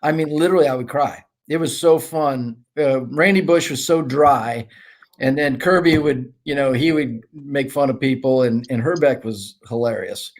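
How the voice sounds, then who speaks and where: A middle-aged man, a former ballplayer and guest, telling rambling, animated anecdotes in casual conversation. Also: mid-range voice, normal speed. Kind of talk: casual storytelling.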